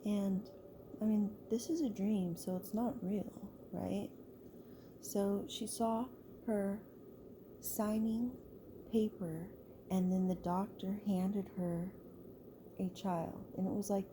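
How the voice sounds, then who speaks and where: A woman's voice: medium pitch, fairly even intonation, takes it slowly, noisy background. A woman telling a story in a loose, chatty way, full of "like" and restarts. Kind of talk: casual spoken storytelling.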